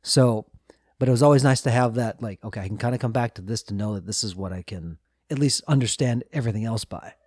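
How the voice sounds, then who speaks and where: A man's voice: medium pitch, fast, darkish tone, no room sound, studio quality. Reflective man hosting a podcast. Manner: reflective, asks guiding questions, laughs lightly. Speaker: podcast host. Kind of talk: casual podcast chat.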